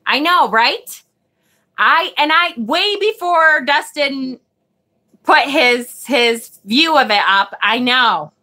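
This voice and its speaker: A woman's voice: sits high, lively intonation, slow pace, pushed and bright. A woman hosting a live tarot stream, chatting casually and reading viewers' comments, often sidetracked and swearing casually when annoyed. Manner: chatty, scattered, frequently sidetracked. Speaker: tarot livestream host.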